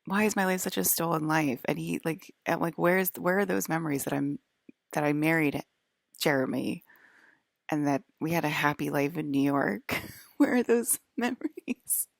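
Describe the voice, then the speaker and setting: A woman's voice: low voice, fairly even intonation, normal speed, gravelly, no echo, studio quality. A woman vlogger talking in a casual, rambling monologue, hesitant and full of fillers.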